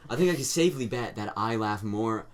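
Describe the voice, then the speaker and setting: A man's voice: on the low side, lively intonation, a little fast. A man co-hosting a casual podcast chat, joking and giggly, with rambling restarts. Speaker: podcast co-host.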